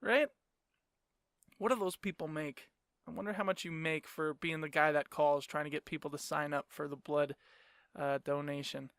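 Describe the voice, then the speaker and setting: A man's voice: a little high, flat delivery, a little fast, vocal fry, fairly bright tone, clean tone, dry recording, clean studio sound. A young man hosting his own podcast, ranting in a sarcastic, profane way and laughing often. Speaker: podcast host. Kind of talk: casual solo rant.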